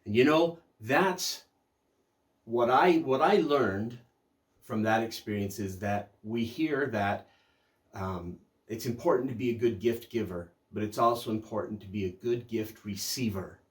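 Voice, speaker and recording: An older man hosting a music channel, telling a personal story in a reflective, unhurried way, with pauses and restarts. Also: fairly low pitch. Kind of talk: casual storytelling review.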